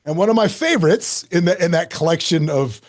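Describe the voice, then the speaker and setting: A middle-aged man telling a story as a podcast guest, lively and self-mocking, acting out quoted lines. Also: on the high side, brisk. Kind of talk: animated storytelling in an interview.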